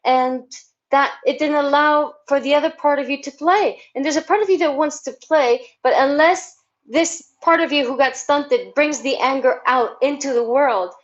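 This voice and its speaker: Spanish woman guest, high voice, dull muffled line, animated storyteller. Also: moderate pace. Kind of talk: casual chat. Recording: dull, muffled remote audio.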